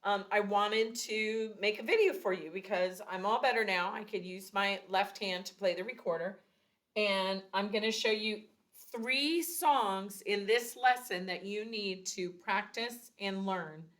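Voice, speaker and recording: A woman's voice: medium pitch, unhurried, a bit bright. A woman teaching a beginners' recorder lesson, explaining each step patiently and counting out rhythms. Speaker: music teacher.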